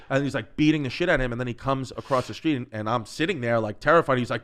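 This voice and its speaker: A man's voice: medium pitch, fast talker. A man with a New York accent, telling raunchy stories on a podcast and acting out the people in them. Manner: animated, crude, acts out voices in his stories. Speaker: comedian guest. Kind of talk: podcast storytelling.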